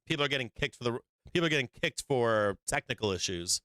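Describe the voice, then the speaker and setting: Man, stock show host, blunt profane commentary, crisp tone, dry sound. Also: mid-range voice, expressive, fast, sharp tone, no echo. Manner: laughs between points. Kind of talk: live-streamed market commentary.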